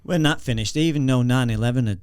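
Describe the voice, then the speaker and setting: Speaking quickly in a mid-range, darkish, smooth voice, this middle-aged Englishman with a Northern accent recounts anecdotes as a podcast guest and former explosive detection dog handler. He laughs and restarts a lot in his chatty way. The sound is clean studio audio with no room sound.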